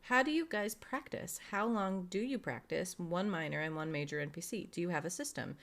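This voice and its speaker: A woman's voice: on the low side, animated, a little fast, creaky, fairly bright tone. A woman co-hosting a podcast in casual chat, reading out listener questions and chiming in. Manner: reads out listener questions, chatty. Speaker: podcast co-host.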